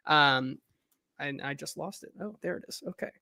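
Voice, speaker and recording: A man's voice: fairly high pitch, moderate pace, creaky, pushed and bright, dry recording, clean studio sound. A man hosting a sports podcast in casual chat, loose and talkative as he reads news aloud and reacts to it.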